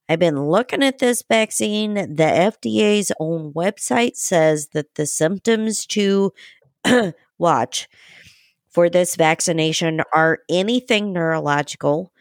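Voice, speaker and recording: Slow-talking nurse guest, dry sound. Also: female voice, lowish voice, animated, creaky, no room sound. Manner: slow, deliberate explaining. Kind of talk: casual chat.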